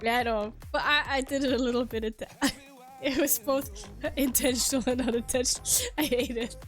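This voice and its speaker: A woman's voice: high-pitched, steady tone, moderate pace, faint music behind. A woman from Sweden, chatting casually on stream through a headset, swearing and laughing often. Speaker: game streamer.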